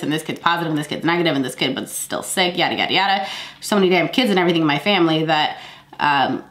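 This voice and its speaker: A woman's voice: fairly low pitch, a bit bright, reverberant. Congested woman chatting casually. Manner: rambling, laughing, chatty. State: congested from a cold. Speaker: vlogger. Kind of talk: casual sit-down chat.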